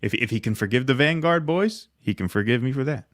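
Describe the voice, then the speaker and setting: A man's voice: mid-range voice, expressive, a little fast, fairly bright tone, no echo, clean studio sound. A man hosting a podcast, talking in a loose, rambling way full of hedging asides. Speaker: podcast host. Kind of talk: casual commentary chat.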